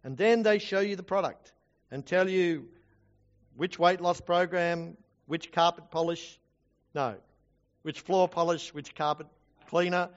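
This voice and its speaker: A man's voice: sits high, unhurried, muffled recording. A man preaching a sermon in an earnest, conversational way with self-deprecating asides, recorded in a church. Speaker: preacher, Bible college teacher.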